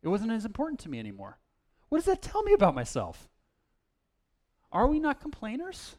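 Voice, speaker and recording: A man's voice: extremely high pitch, wildly swooping pitch, brisk, a little mellow. A man preaching a casual, self-deprecating sermon, with plenty of fillers and restarts. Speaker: pastor.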